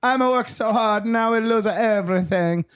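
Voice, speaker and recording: A man's voice: high voice, moderate pace, clean tone, pitched above the performer's own voice, lightly acted. A man voicing a weeping old Italian farmer in a put-on Italian accent, wailing and sing-song. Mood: lamenting.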